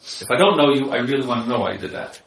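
A man's voice: medium pitch, animated, rapid-fire, creaky, fairly bright tone. A man who works as a marriage counselor gives an informal lecture with slides and repeats his key points. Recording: echoey room, voice from far off.

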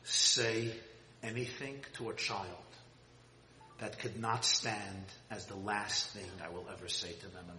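A man giving an impassioned sermon, swinging from loud high cries to hushed low tones. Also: a little hiss or hum. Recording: roomy hall with long reverb.

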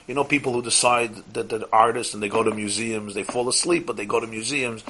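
A man teaching a weekly class, telling stories in a lively way and putting questions straight to his listeners. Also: fairly low pitch, fairly quick, a little hiss or hum. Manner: animated storyteller, talks to listeners directly with questions. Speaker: religious teacher.

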